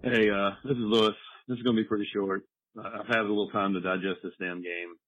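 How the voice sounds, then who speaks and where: A man's voice: lowish voice, fairly even intonation, fast, fairly bright tone, no room sound, dull audio. A man leaving an irritated, profane voicemail rant as a caller.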